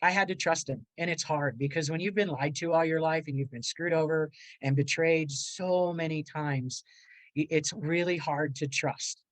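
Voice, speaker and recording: An older woman, a guest on a video call, telling her life story in a lively way, acting out the voices she quotes and laughing often. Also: deep voice, normal speed, no room sound, rough recording. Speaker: guest speaker. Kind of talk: animated personal storytelling.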